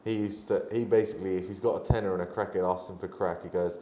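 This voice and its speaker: A man's voice: sits low, steady tone, fast, dark tone. A man speaking as a podcast guest in loose, rambling casual chat, swearing and laughing often. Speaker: podcast guest, jiu-jitsu athlete. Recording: roomy echo, faint noise.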